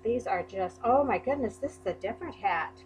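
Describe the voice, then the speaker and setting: A woman's voice: a little high, lively intonation, a little fast, darkish tone, faint music behind, poor audio. A woman unboxing a crafting package in a vlog, gushing and exclaiming over each item. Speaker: crafting YouTuber. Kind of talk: unboxing a mail package on camera.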